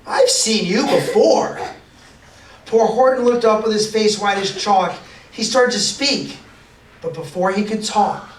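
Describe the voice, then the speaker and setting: A man with a high-sitting voice reads a picture book aloud to children at a moderate pace, playful and packed with sound effects. He's heard from a distance in an echoey room.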